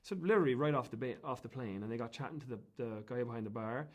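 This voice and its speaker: A man's voice: medium pitch, quick pace. An Irish man, a guest in an interview, telling casual stories in a rambling way with many fillers and restarts. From Ireland. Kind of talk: casual anecdotal storytelling.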